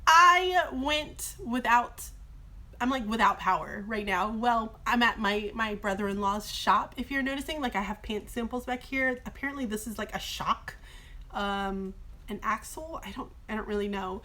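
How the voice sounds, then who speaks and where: A woman teacher chatting casually on a live phone stream from a car shop, her voice slightly hoarse from long talking. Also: fairly high pitch, normal speed, sharp tone. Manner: chatty and bubbly, many fillers. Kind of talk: casual livestream chat. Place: brother-in-law's car shop, indoors.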